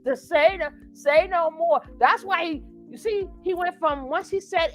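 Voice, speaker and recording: High-voiced woman laughing through commentary. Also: moderate pace, hardly any pauses, soft background music. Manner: animated, laughs often, loud outbursts. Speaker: reaction commentary host. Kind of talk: laughing reaction chat.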